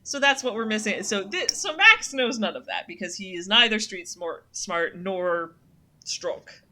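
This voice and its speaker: A woman's voice: medium pitch, lively intonation, measured pace, pushed and bright, slight background noise. A young woman streaming a story game, chatting casually and reading the game's narration aloud. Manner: chatty, reads narration in second person, fillers like um and uh. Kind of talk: casual let's-play commentary and reading game text aloud.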